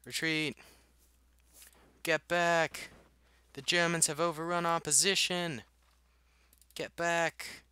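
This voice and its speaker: A man voicing a Soviet officer who barks loud battle orders in a weak put-on accent, while playing a war game. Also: fairly high pitch, fairly even intonation, slow pace, pauses often, clean tone, no room sound, voice pushed up. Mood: commanding. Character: shouting Soviet officer, male, bad fake accent.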